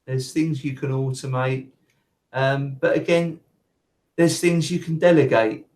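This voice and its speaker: A man's voice: medium pitch, steady tone, unhurried, a little mellow, low-quality recording. A man talking as a podcast guest in casual conversation, rambling with fillers and restarts.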